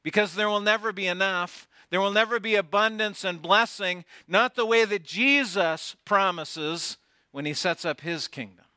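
A man preaching a sermon, swinging from loud declarations down to near whispers and putting rhetorical questions to his congregation. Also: fairly high pitch, no echo, clean studio sound. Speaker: pastor.

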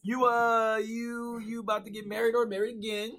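Bright high-voiced man hosting. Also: flat delivery. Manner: laid-back slangy, quick asides. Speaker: podcast host. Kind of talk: casual banter.

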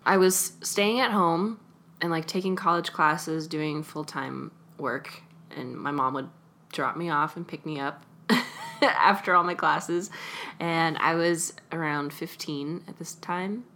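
A woman's voice: deep voice, slow pace, sharp tone. A young adult woman from California, chatting casually as an interview guest and laughing often. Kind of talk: casual conversation.

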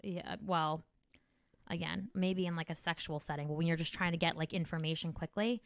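Crude, animated comedian woman. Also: on the low side, moderate pace, gravelly. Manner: crude, animated, swearing freely. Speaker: comedian podcast host. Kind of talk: casual podcast chat.

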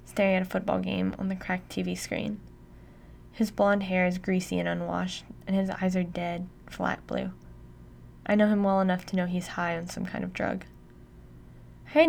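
A woman giving steady, intimate first-person audiobook narration. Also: fairly low pitch, vocal fry, a little hiss or hum.

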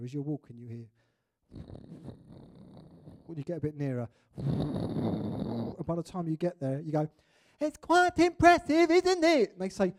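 Animated preacher, mellow voice. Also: male voice, a little high. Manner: animated, acts out little scenes and voices. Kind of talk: sermon.

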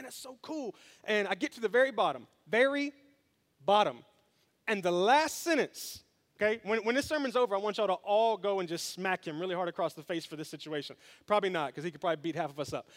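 A man preaching a sermon as pastor, telling a story with humor and speaking straight to his congregation. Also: high voice. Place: church sanctuary.

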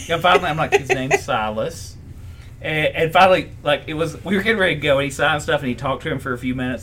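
A man's voice: on the high side, pushed and bright, a little hiss or hum. A podcast co-host man telling a personal story in casual chat, rambling and restarting often.

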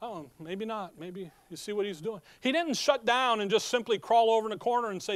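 A man's voice: high voice, fairly quick, few pauses, no echo. A man preaching a sermon, reading scripture aloud and explaining it in an emphatic, conversational way full of rhetorical questions.

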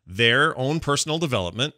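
A man's voice: mid-range voice, expressive, a little fast, bright, forceful tone, no room sound, clean studio sound. A middle-aged man chatting casually as a podcast co-host, rambling with many restarts. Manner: rambling, restarts, laughs a lot. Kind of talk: casual chat.

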